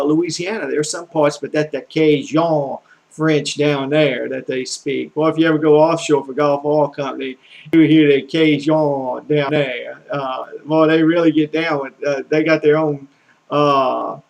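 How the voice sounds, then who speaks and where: This gravelly, slightly high male voice belongs to a middle-aged Southern tutor from the U.S. whose folksy language lesson wanders, stumbling over fillers and restarts. The recording quality is poor.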